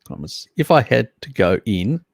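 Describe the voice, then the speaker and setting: On a casual live stream, a man reads viewers' comments out loud, chats with them, and addresses them as mate, laughing often along the way. His fairly low voice has vocal fry and a sing-song lilt, and he speaks a little quickly. There's no room sound.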